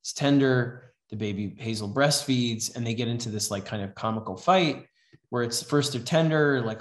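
A man's voice: medium pitch, moderate pace. Rambling man lecturing in an echoey room. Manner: rambling, filler-heavy, reads comic dialogue aloud. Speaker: comics writing teacher. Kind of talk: casual classroom lecture. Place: house event room. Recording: roomy echo.

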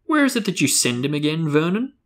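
A man doing a booming bossy aunt. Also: big pitch swings, fairly quick, fairly bright tone. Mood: booming, scolding. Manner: booming, barking delivery. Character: loud bossy middle-aged aunt, domineering and harsh.

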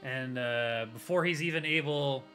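A man's voice: medium pitch, normal speed, sharp tone, soft background music. A man narrating as game master for a tabletop game, rambling loosely with hedges.

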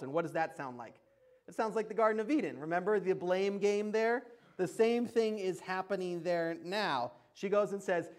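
Male pastor, high voice, chatty sermon with lots of laughter and emphasis. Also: normal speed. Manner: conversational, laughs often, emphatic asides. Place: church.

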